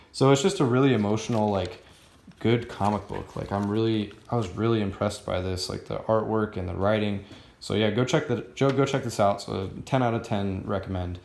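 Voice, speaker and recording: Low-voiced man rambling through a comic review. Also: a little mellow, echoey room. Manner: rambling, many fillers like "um" and "like".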